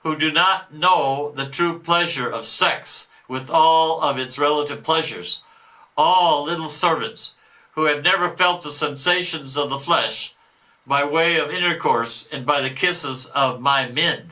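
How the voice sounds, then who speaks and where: Spiteful male devil, boastful and scornful, as read aloud by a man with a fairly high, very bright, sharp voice. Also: unhurried, poor audio. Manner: declaimed reading with mocking outbursts. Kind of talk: dramatic reading aloud.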